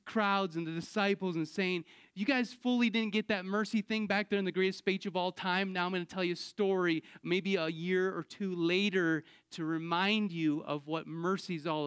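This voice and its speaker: A pastor preaching a sermon in an emphatic, animated way, with sudden exclamations. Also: male voice, high voice, smooth, no echo, studio quality. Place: church.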